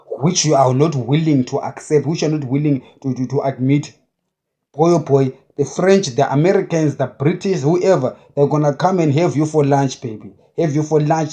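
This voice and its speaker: A man preaching with a high-pitched yet mellow voice. He drives his points home with blunt, repeated short phrases. His delivery is forceful and insistent. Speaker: self-described prophet. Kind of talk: impassioned preaching monologue.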